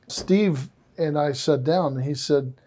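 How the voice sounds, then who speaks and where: An enthusiastic man hosting a podcast, telling animated stories. His voice sits a bit high, with a mellow, dark tone. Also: slow pace. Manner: enthusiastic, effusive, animated storyteller. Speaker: podcast host. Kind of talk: casual podcast conversation.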